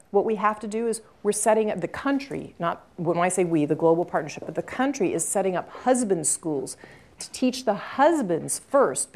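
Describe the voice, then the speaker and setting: A woman's voice: mid-range voice, darkish tone. A woman guest speaker answering audience questions at a university talk, telling an earnest story with emphatic repetition.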